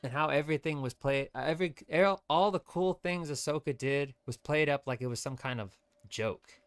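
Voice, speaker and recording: A man's voice: fairly high pitch, moderate pace, clean tone. A man streaming gameplay, ranting with strong opinions in loose, rambling commentary. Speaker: VTuber streamer.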